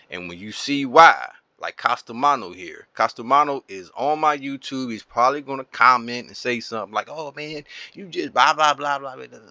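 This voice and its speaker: A man's voice: on the low side, sharp tone, no echo, highs cut off. A man giving casual gameplay commentary as a YouTuber, playful and silly while trash-talking other players. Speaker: gaming YouTuber.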